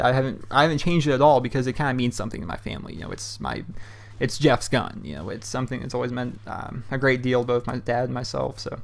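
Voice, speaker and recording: A man's voice: mid-range voice, creaky. A man from Pennsylvania who is a gaming YouTuber, answering viewer questions in a loose, rambling way with lots of fillers over gameplay. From Pennsylvania, USA.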